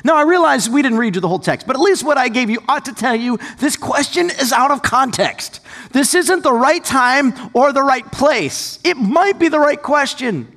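Animated high-voiced male preacher. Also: normal speed. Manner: animated, conversational, with sudden shouts and asides. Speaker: pastor. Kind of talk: sermon. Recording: long hall reverb.

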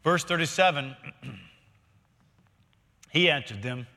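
Bright-voiced preacher in a reverberant hall. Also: male voice, on the high side, lively intonation, takes it slowly, creaky. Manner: conversational, storytelling preaching with rhetorical questions. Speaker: pastor. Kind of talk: sermon.

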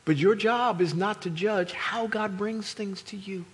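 A man preaching a sermon to a congregation, moving between quiet explanation and loud, emphatic delivery. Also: high-pitched, unhurried. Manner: dynamic, swings from quiet to loud, acts out crowd voices.

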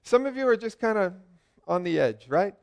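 A man preaching a lively sermon, joking with his congregation and asking them questions. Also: high voice, normal speed, vocal fry, clean tone. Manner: joking, asks the crowd questions, swings from loud calls to quiet asides.

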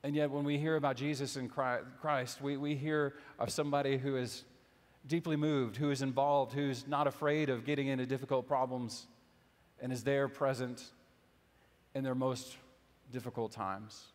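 Conversational pastor preaching in a reverberant church. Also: male voice, mid-range voice, fairly even intonation, moderate pace. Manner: conversational, with gentle humor and fillers. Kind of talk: sermon. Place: church sanctuary. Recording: long hall reverb.

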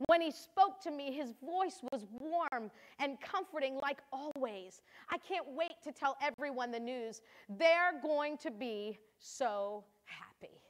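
A woman's voice: high-pitched, slow pace, few pauses. An older woman voicing a devoted mother from scripture, reading her diary entries earnestly and with feeling. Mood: joyful. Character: grieving then joyful mother of a holy son.

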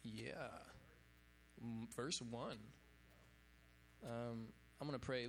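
A pastor with a medium-pitched, fairly bright voice preaches an informal sermon to young adults, his intonation fairly even. He speaks very slowly with long pauses, chatty and casual, dropping fillers like "you know what I'm saying" over slight background noise.

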